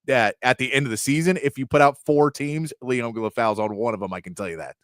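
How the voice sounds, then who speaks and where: A man's voice: medium pitch, fast, no echo, clean studio sound. A man hosting a sports talk show, reading through lists of player names and chatting, sometimes tripping over a name. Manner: reads off long lists of names, stumbling on some. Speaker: sports radio host.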